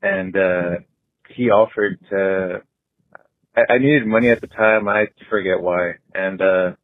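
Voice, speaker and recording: A man in his thirties leaving a hesitant voicemail confession, full of pauses and fillers. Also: deep voice, fairly even intonation, no room sound. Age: 30s. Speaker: caller. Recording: tinny phone line.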